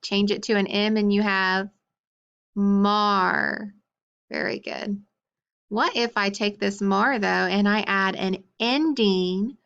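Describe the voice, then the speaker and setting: A woman teaching a phonics lesson to young children, slowly sounding out letters and praising each answer. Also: mid-range voice, sharp tone, smooth, lo-fi sound. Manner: slow, encouraging, sounds out letters.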